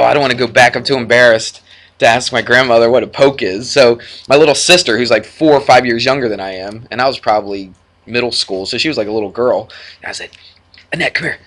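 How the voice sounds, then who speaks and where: A man's voice: medium pitch, fairly bright tone. A man teaching a math class, chatty, telling stories and laughing often as he lectures a classroom of students.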